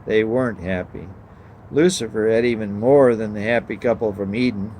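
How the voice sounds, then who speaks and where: A man reading a story aloud and then preaching a sermon, measured, asking the listeners questions. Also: on the low side, fairly even intonation, a little mellow, a little hiss or hum, rough recording.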